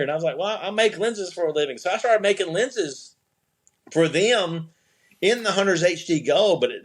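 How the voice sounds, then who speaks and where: Middle-aged man, podcast guest, rambling story, restarts sentences, acts out dialogue, somewhat high voice. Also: a bit bright. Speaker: podcast guest, eyewear company owner. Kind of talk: casual storytelling interview.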